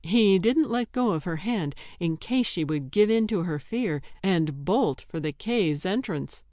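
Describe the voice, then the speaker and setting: A woman narrating an audiobook in a measured, deliberate storytelling manner. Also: on the low side, animated, mellow, no room sound, clean studio sound.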